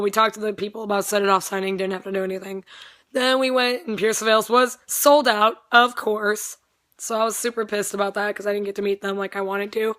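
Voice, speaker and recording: A young woman vlogging in a casual, rambling, excitable way, swearing freely as she tells her story. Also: medium pitch. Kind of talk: casual chat.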